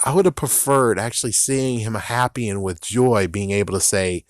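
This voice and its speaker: A man's voice: fairly low pitch, moderate pace, no echo. Profane ranting young man, dry close sound. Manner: angry, profane ranting with mocking quoted voices. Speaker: video game commentator. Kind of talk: rant vlog.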